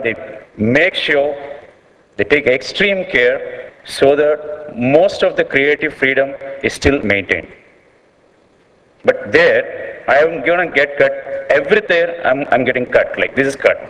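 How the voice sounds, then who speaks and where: Earnest Indian man in echoing hall. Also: medium pitch. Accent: Indian English. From South India. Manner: earnest, repeats words and restarts often, leans on "like". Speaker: filmmaker speaking at a panel session. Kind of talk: unscripted public speech. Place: conference hall. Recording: long reverb of a large hall.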